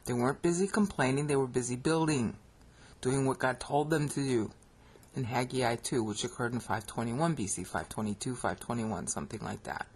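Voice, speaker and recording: A slightly rough, medium-pitched voice at normal speed carries this screen-recorded Bible lecture. The American teacher keeps asking listeners "okay?" as they work through the material.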